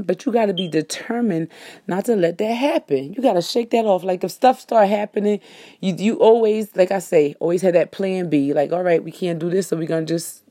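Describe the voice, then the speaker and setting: Low mellow woman rambling casually. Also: no room sound, studio quality. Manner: rambling, self-correcting, folksy. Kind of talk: casual monologue to listeners.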